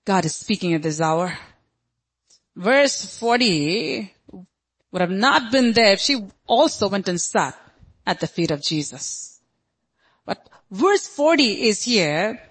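A woman's voice: mid-range voice, husky. A woman pastor preaching a sermon in an emphatic, dramatic way, often acting out quotes.

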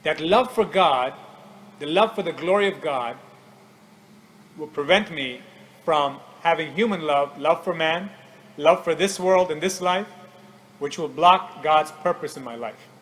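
A man preaching a radio sermon in an earnest, measured way, often quoting scripture. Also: on the high side, a bit bright, low-quality recording.

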